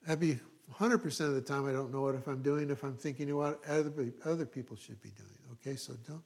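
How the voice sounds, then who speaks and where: A man's voice: mid-range voice, quick pace, gravelly, hardly any pauses, a little mellow. A middle-aged male pastor preaching a sermon in a conversational way, with asides and frequent check-ins with the congregation.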